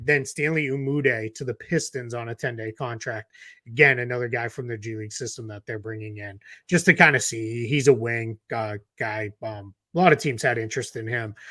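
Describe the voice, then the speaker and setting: A man's voice: mid-range voice, moderate pace, sharp tone, dry recording, clean studio sound. A man with a Boston accent co-hosting a basketball podcast, talking through roster moves in a loose, casual way with fillers and restarts. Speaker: podcast co-host, basketball analyst. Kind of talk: casual chat.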